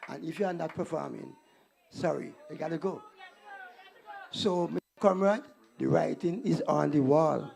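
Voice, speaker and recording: A man's voice: on the high side, creaky, darkish tone. A man giving a scornful, taunting campaign rally speech. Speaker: political rally speaker.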